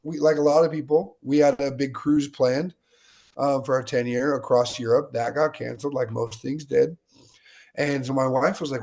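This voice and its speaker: Gravelly-voiced man telling stories. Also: mid-range voice, normal speed. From United States. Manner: energetic, animated storyteller acting out quotes. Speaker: guest. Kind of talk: interview storytelling.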